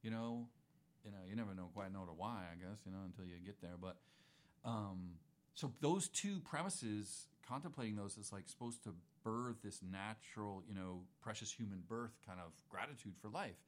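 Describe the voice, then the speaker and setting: A man's voice: fairly low pitch, moderate pace. A man in casual conversation, a musician guest who talks in a laid-back, rambling way, full of slang and asides.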